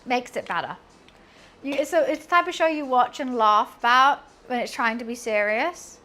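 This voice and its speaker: A woman's voice: a little high, animated, normal speed, sharp tone. A young woman chatting casually while cleaning and cooking in her home kitchen, rambling and humming to herself. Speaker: streamer.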